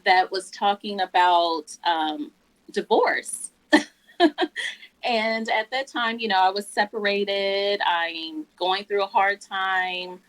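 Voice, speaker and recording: A woman's voice: medium pitch, slow, a bit bright, low-quality recording. A woman guest giving a heartfelt personal testimony, emotional and often laughing.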